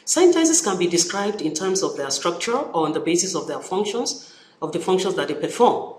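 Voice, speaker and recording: This recorded study-session lecture comes from a university lecturer with a Nigerian English accent, whose mid-range voice moves at a normal speed. Animated throughout, he repeats key phrases and performs example sentences, and the echoey room carries slight background noise.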